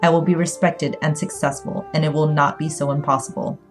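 A woman reading an audiobook, voicing a calm young man who speaks softly and with measured patience. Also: low-pitched, faint music behind, natural voice. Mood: soothing. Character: calm, smooth-talking young man, soft and condescending.

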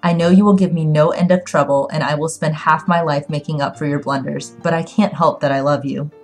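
A woman reading an audiobook, voicing a calm young man who speaks softly and with measured patience. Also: sits low, soft background music. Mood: tender. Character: calm, smooth-talking young man, soft and condescending.

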